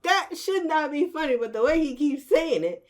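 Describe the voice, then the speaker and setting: A woman's voice: high voice, lively intonation, moderate pace, darkish tone. A woman hosting a reaction video, making incredulous, amused comments.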